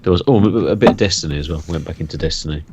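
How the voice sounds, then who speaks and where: A man co-hosting a gaming podcast, talking in halting casual chat full of restarts. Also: low-pitched, darkish tone, slight background noise. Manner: halting, many restarts and fillers. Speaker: podcast co-host.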